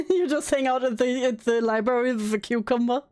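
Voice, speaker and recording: A woman's voice: a little high, brisk, a little mellow. A woman hosting a stream, chatting in a teasing way and laughing often. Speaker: streamer host. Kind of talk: casual stream chat.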